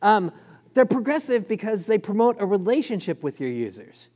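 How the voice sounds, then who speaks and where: A man giving a conference talk, quick and excited, with lots of fillers. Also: high-pitched. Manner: fast, enthusiastic, filler-heavy. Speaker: conference speaker. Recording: long hall reverb.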